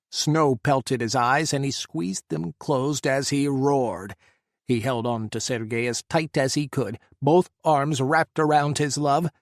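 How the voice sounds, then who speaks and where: A male narrator reads an audiobook in steady, measured narration at a middling pitch. The recording is dry and close, with no room sound. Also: dry recording. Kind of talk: scripted narration.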